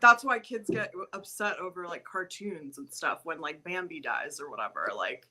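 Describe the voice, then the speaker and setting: Bright-voiced chatty woman guest. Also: low voice, expressive, normal speed. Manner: earnest, chatty, laughs easily. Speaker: podcast guest. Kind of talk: casual podcast chat.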